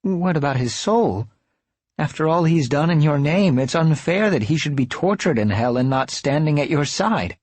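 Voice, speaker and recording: Earnest deferential lady, pitched way up, guy narrator doing her. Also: lively intonation, moderate pace, darkish tone, no echo. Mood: pleading. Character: devout eager woman follower.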